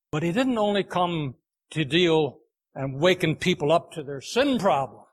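A man preaching a sermon, telling a folksy farm story in an unhurried, homespun way. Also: high-pitched.

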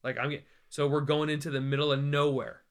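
An American man, a traveling evangelist, telling a story in a podcast interview, animated and joking and acting out the voices of the people he quotes. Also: fairly high pitch, fast talker, clean tone. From United States. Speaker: evangelist guest. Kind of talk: conversational storytelling.

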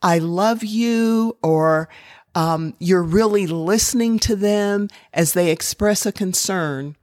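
A woman's voice: on the low side, slow, a little mellow, no echo, studio quality. A middle-aged woman giving an earnest talk to parents, acting out example phrases as she goes. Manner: earnest, quotes examples in acted tones. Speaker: parenting speaker.

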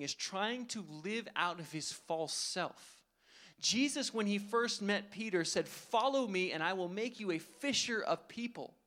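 High-voiced man preaching a sermon. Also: fairly bright tone. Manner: earnest, conversational preaching with rhetorical questions. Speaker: pastor.

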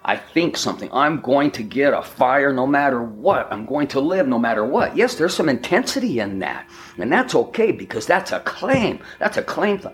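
A man delivers a spiritual talk at an unhurried, emphatic pace, leaning on repeated phrases and affirmations. His voice sits at an ordinary middle pitch for a man. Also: big pitch swings, a little hiss or hum. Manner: slow, emphatic, repetitive affirmations. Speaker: spiritual speaker.

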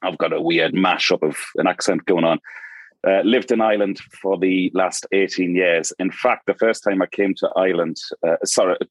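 A man's voice: sits low, fairly even intonation, moderate pace, no echo. A middle-aged Geordie man from Newcastle, a podcast guest chatting casually and wandering off on tangents. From Newcastle, northeast England. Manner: rambling storyteller, goes off on tangents. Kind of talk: casual chat.

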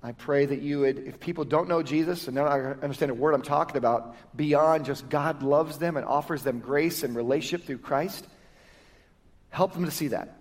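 High-voiced lively male pastor preaching. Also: moderate pace. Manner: conversational, lively, self-correcting preaching. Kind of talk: sermon with prayer and Bible teaching.

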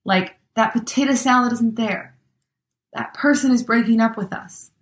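A woman's voice: on the high side, moderate pace, echoey room. A woman giving a chatty motivational talk, acting out everyday scenarios with exclamations.

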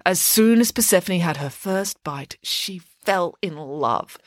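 A woman's voice: fairly low pitch, expressive, slow pace, dry recording, clean studio sound. A woman voicing a confident, bossy female pig nanny who speaks in a matter-of-fact storytelling way. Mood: knowing, matter-of-fact.

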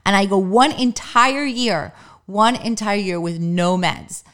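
A middle-aged woman hosts her own podcast, speaking candidly and emotionally in a chatty monologue packed with "like" and "um," at times close to tears. Her mid-range voice is a bit bright and moves at a measured pace.

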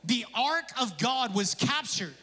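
With a high, bright voice, a male pastor delivers a sermon slowly, keeping the tone lively and conversational with jokes and offhand remarks. Long reverb in the sound suggests a big sanctuary.

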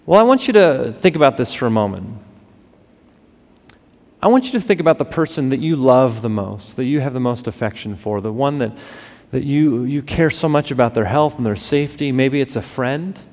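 A man in his thirties preaching a sermon, swinging between loud emphasis and hushed, drawn-out words. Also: medium pitch, animated. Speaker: pastor. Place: church sanctuary. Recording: long hall reverb.

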